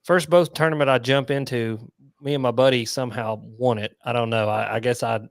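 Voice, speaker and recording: Animated storytelling man, dry close sound. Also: medium pitch, brisk, vocal fry, no echo. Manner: animated storyteller, laughs while telling stories. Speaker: podcast host. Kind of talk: casual chat. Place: home.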